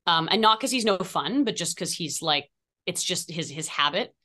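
Bright-voiced, playful actress. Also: female voice, lowish voice, normal speed. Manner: animated, playful storyteller. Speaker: actor, guest. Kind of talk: casual interview chat.

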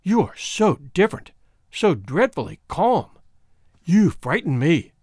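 A man's voice: fairly high pitch, big pitch swings, measured pace, a little mellow, husky, no room sound, studio quality, exaggerated voice. A man reading a story aloud, voicing a frightened, desperate young wife who pleads and protests with vehement agitation. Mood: pleading. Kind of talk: audiobook reading.

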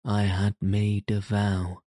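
A man's voice: fairly low pitch, monotone, slow pace, mellow, no echo, clean studio sound. A man voicing a weary, timid young companion who pleads in old-fashioned speech. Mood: pleading. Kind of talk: audiobook character reading.

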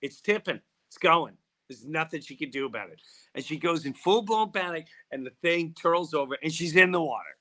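Middle aged guy podcasting, rambling funny story, bright punchy voice, does all the voices. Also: a little high, a little fast. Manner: animated, acts out quoted voices. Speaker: podcast host. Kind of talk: casual storytelling.

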